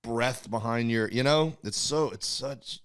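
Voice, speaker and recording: A comedian co-hosting a casual podcast, teasing his co-host with deadpan jokes. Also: mid-range voice, unhurried, clear, resonant tone, dry recording, studio quality.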